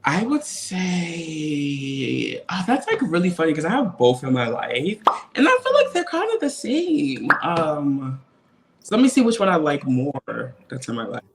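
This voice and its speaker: A man talking casually as a guest in a video-call interview, animated and laughing often. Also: fairly high pitch, unhurried, vocal fry, a little hiss or hum. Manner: animated, laughs often, quotes others in acted voices. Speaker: interview guest, reality TV cast member.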